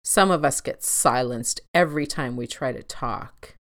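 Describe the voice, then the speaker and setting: A woman's voice: rumbling low, measured pace, a bit bright. A woman doing sullen Disgust in the corner. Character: sullen emotion huddled in the corner.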